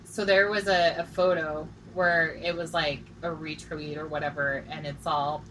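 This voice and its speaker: A woman in her forties co-hosting a casual chat, joking and bawdy, telling stories with animated energy. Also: low-pitched, normal speed, a little hiss or hum, low-quality recording. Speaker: podcast co-host.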